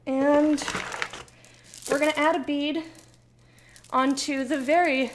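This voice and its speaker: A bubbly young woman hosting a casual game stream. Her voice sits high and bright, and she chats playfully with her viewers. She often drifts into a singsong lilt, with faint noise behind her. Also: moderate pace, long pauses. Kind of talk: casual live-stream chat.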